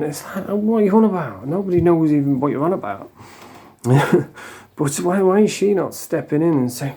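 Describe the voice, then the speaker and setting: A man's voice: fairly high pitch, expressive, moderate pace, creaky, mellow, husky. A middle-aged man ranting casually to camera as the host of a commentary channel, blunt and scornful, swearing freely and restarting his sentences.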